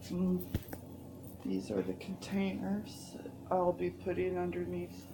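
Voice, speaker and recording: Outdoors in her garden, a woman who vlogs about gardening chats casually, rambling and cutting herself off as she goes. Her voice sits fairly low and sounds stuffy and congested, and she speaks slowly but with plenty of animation. Background noise is audible.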